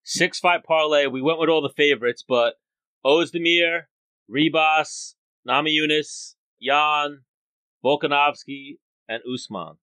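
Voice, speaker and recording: Bright-voiced man, dry close sound. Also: a little high, a little slow, dry recording. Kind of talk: casual chat, fight preview.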